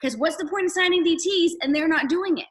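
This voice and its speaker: A woman leading a motivational team call over video, energetic and rallying, firing off rhetorical questions. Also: very high-pitched, fast. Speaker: network marketing leader.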